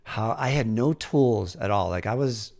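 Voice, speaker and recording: Male podcast host, lowish voice, candid and reflective, casual swearing. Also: lively intonation, unhurried, gravelly, a little mellow. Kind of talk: casual conversational interview.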